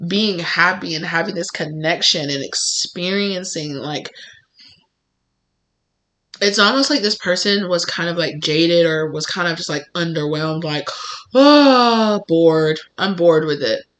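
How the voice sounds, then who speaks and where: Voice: medium pitch, unhurried, pushed and bright. A tarot reader giving a casual pick-a-card reading, rambling and effusive, with many "like"s and restarts.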